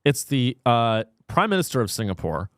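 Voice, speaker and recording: A man's voice: mid-range voice, big pitch swings, moderate pace, a bit bright, no room sound, clean studio sound. A man hosting a comedy podcast, talking in casual, irreverent banter with a sarcastic, crude edge. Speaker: podcast host.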